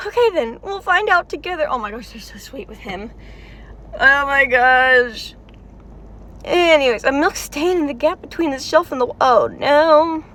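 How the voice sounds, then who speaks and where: A woman's voice: sits high, fairly bright tone. A woman reacting to a game's story in casual, emotional vlog commentary, chatty and full of "like" fillers. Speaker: game story reaction vlogger.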